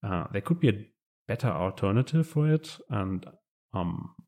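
A man's voice: fairly low pitch, expressive, normal speed, a little mellow. A man with a German accent, a non-native English speaker, talking hesitantly in a casual interview as a guest writer. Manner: hesitant, many fillers and restarts.

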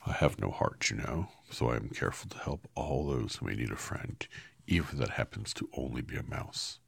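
A man voicing a kind, earnest tin man in a lowered, gentle voice. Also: a little fast, creaky, slightly rough, no room sound, exaggerated voice. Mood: modest.

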